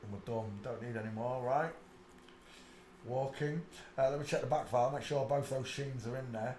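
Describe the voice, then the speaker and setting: A man's voice: normal speed, a little mellow, reverberant, a little hiss or hum. A man hosting a live stream, rambling on and muttering asides to himself. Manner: breaks into high shrieking laughter.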